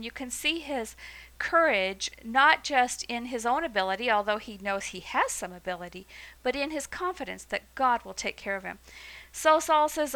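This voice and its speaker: Brief: woman teacher, casual, animated retelling, crisp bright tone. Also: fairly high pitch, poor audio. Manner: lively, conversational, frequent fillers and asides. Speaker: Bible teacher. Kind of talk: casual Bible storytelling lesson.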